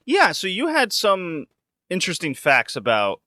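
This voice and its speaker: A man hosting a relaxed podcast conversation, his voice bright and bouncing over a wide, lively pitch range. He laughs easily and drops the odd swear word. The sound is close and dry, with no room around it. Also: a little slow, no room sound. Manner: laid-back, laughs often, swears casually. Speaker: podcast host. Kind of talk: casual podcast chat.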